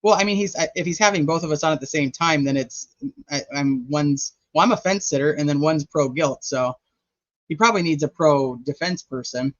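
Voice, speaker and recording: On his true crime channel, this man chats loosely through his notes like a casual livestream, musing aloud while he checks them. He talks a little fast in a higher-pitched, fairly bright voice, captured in a dry, muffled recording.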